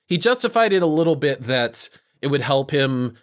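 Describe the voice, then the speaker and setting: A man's voice: a little high, sing-song, normal speed. A man co-hosting a podcast in casual chat, thoughtful and hedging as he works through his points. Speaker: podcast co-host.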